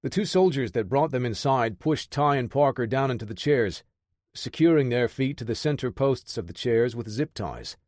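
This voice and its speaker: A man narrating an action audiobook in a steady, measured voice. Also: mid-range voice, no echo, studio quality.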